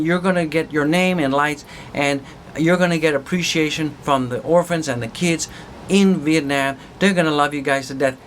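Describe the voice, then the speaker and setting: A man's voice: fairly high pitch, slight background noise. Fired-up man hyping his channel. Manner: excited, pumped-up, repetitive hype. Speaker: crypto channel host. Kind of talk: hyped video outro.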